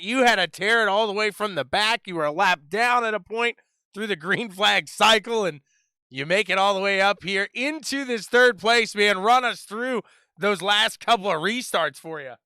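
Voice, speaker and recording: Upbeat male post-race interviewer, high bright voice, dry close mic. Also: smooth, dry recording. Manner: upbeat, hyped sports-broadcaster patter. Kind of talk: post-race interview on a sim racing broadcast.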